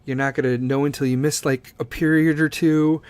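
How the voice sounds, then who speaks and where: A man's voice: on the high side, level tone, moderate pace, darkish tone, smooth, no echo. A man hosting a casual solo podcast, talking bluntly and swearing a lot as he gives his opinions. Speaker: podcast host.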